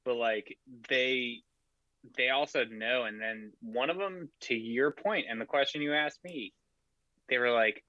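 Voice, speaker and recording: A man's voice: mid-range voice, measured pace, pushed and bright, no room sound, dull audio. A man chatting casually on a podcast, telling a long story full of "like" and swearing. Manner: rambling storyteller, heavy filler "like", swearing. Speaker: podcast co-host. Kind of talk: casual chat.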